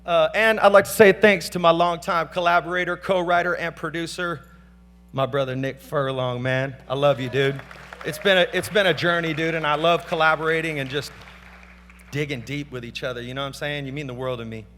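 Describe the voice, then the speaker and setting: In a large banquet hall with reverb and a faint hum, a middle-aged award speaker talks fairly quickly in a steady, fairly bright voice that sits a little high. He delivers a loose, slangy, unscripted acceptance speech at the gala, calling out thanks to family and friends on the stage mic.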